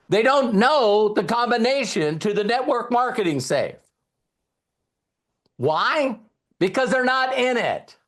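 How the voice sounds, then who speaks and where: Animated high-voiced middle-aged man trainer. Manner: animated, emphatic, acts out quoted dialogue; addresses the audience directly with repeated questions. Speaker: network marketing trainer. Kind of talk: motivational seminar talk.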